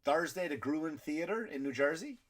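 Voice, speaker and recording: An Irish comedian hosts his podcast in a loose, rambling rant. He trips over his words and restarts often, jumping from loud, high outbursts down to low, quiet muttering. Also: lively intonation, moderate pace. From Ireland. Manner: ranting, swearing, many restarts and repeated words. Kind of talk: stand-up style rant.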